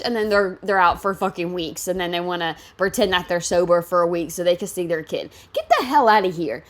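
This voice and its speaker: A woman's voice: fairly low pitch, a little fast, hardly any pauses. A woman hosting a reaction video, ranting bluntly and with heavy profanity about a clip from a reality show.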